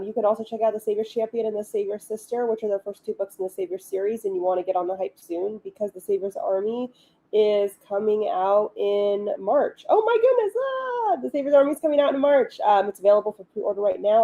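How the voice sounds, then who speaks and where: A woman's voice: medium pitch, fairly even intonation, a little fast, dark tone, low-quality recording. A woman hosting a casual livestream, chatting in an upbeat way with frequent ums and asides. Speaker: livestream host and author.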